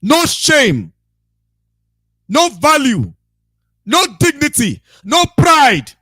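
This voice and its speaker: A man's voice: very high voice, huge pitch swings, drawn-out words, bright, forceful tone, dry recording, studio quality. A man, giving a repetitive, emphatic and scolding preaching monologue as a radio broadcaster.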